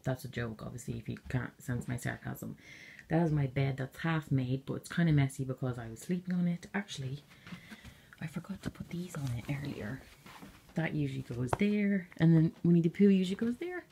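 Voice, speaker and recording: Young woman, dark mellow voice, casual rambling vlog, sarcastic asides, bedroom, handheld camera. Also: low-pitched, slight background noise. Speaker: vlogger. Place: her bedroom, indoors.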